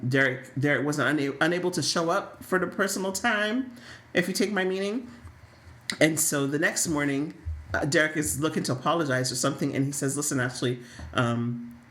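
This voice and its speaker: Woman, soap recap co-host, chatty and sassy, lower voice, roomy echo. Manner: animated, laughing, sassy storytelling. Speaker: podcast co-host. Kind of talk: casual soap recap chat.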